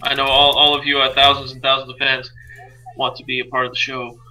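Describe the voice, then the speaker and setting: A man co-hosting a gaming podcast, talking in a deadpan monotone with dry humor. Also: medium pitch, brisk, poor audio. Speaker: podcast co-host. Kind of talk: casual gaming podcast chat.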